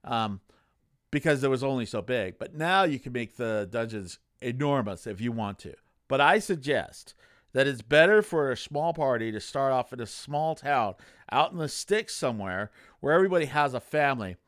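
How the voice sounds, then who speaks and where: A middle-aged man giving casual advice as a game master, rambling, repeating himself and tagging his points with a quick "okay?". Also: medium pitch, lively intonation, fairly bright tone, dry recording, studio quality.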